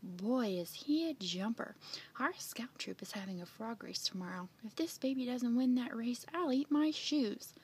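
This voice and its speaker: Brief: excited farm boy, brags loudly, read by a woman. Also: a little high, moderate pace, slightly rough, full character voice.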